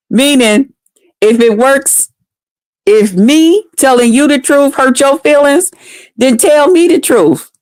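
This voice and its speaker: A woman in her fifties holds an unhurried live chat with her viewers, greeting them by name and laughing often. Her voice sits a little high. The sound is dry and close. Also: a little mellow, no room sound. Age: 50s. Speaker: livestreamer.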